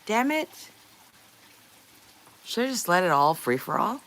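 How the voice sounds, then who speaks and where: A woman's voice: medium pitch, very animated, measured pace, a bit bright, poor audio. A woman livestreamer chatting casually with her viewers, reading their messages aloud, playful and often laughing.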